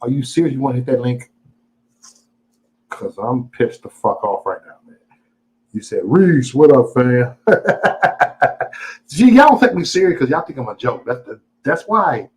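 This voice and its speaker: A man hosts a live stream and talks straight to his chat in a swaggering, mock-angry rant. His pitch swings up and down a lot, and he curses and teases constantly. He sounds boastful. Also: lively intonation, moderate pace, long pauses, poor audio. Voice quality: profane, taunting and boastful, mock-angry ranting. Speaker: livestream host.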